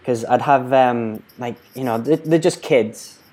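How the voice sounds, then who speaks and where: A man interviewing a guest in relaxed conversation, his voice mellow and warm at a middle pitch. He tells stories and acts out the people he quotes. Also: unhurried. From Newcastle, England. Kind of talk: casual interview chat.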